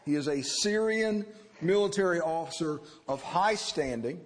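A man preaching an expository sermon, animated and acting out the people he quotes. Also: on the high side, moderate pace. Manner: animated, acts out quoted characters. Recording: reverberant hall.

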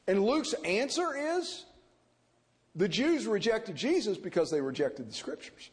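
A man preaching an expository sermon, animated and acting out the people he quotes. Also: sits high, unhurried. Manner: animated, acts out quoted characters. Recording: reverberant hall.

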